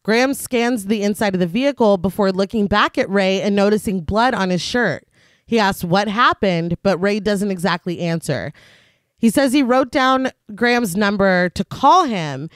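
A woman co-hosts a podcast in a casual manner and retells a film's plot scene by scene. She often slips into laughter as she goes. Her voice sits at a middle pitch, in a dry room with no echo. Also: normal speed. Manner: breaks into laughter while recapping. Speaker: podcast co-host. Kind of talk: casual chat and film plot recap.

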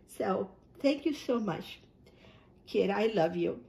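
A woman's voice: medium pitch, animated, slow, gravelly, warm tone. Tearful, grateful woman vlogger. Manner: emotional, grateful, many restarts and repeated words. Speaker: YouTube channel host. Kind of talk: casual vlog thanking viewers.

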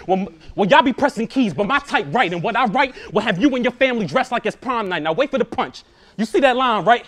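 Young male battle rapper with a high voice; confrontational, punchline-heavy delivery, repeats lines for emphasis. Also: lively intonation, fast talker, a bit bright. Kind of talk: live battle rap verse.

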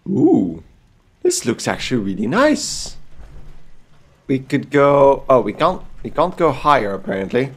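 A man's voice: medium pitch, huge pitch swings, unhurried. Chatty man narrating his gameplay. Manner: curious, chatty, thinking aloud. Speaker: gameplay commentator. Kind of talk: casual let's play commentary.

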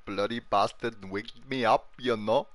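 A man's voice: lowish voice, steady tone, unhurried. A man streaming a game live, chatting casually in a crude, swearing way. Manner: crude, swearing banter with frequent laughter.

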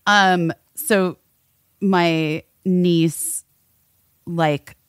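A woman's voice: on the low side, drawn-out words, clear, resonant tone, no room sound, clean studio sound. A woman hosting a podcast, telling a story in casual chat with lots of swearing and filler words. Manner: animated, swears, many "like" fillers. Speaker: podcast host.

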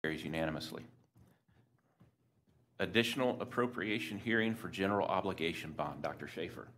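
A man's voice: low-pitched, fairly quick, fairly bright tone, slight background noise. A man, the board president, chairing a school board meeting in formal procedural wording. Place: meeting room.

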